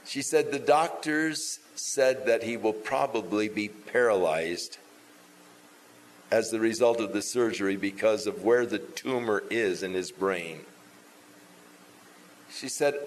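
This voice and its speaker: A man preaching, telling a personal story and acting out the dialogue with lively changes of tone. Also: on the low side, slow, pauses often, slight background noise, poor audio. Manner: animated, acts out quoted dialogue. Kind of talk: sermon storytelling.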